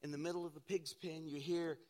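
Pastor, male, bright and fairly high voice, dramatic preaching style, long hall reverb. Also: flat delivery, a little fast. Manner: dramatic storytelling, shifting from loud to hushed. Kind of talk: sermon.

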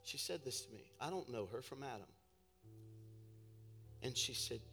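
A man preaching a sermon as a pastor, telling a story and building to shouting. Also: mid-range voice, animated, moderate pace, vocal fry, soft background music. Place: church sanctuary.

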